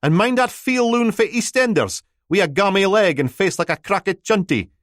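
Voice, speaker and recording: A chatty, gossipy radio DJ, as a male narrator puts him on, rattling along in broad with a high, bouncy voice. Dry, close sound with no room to it. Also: animated, moderate pace, a bit bright, no room sound. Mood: gossipy, chirpy. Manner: chatty, rambling, broad dialect.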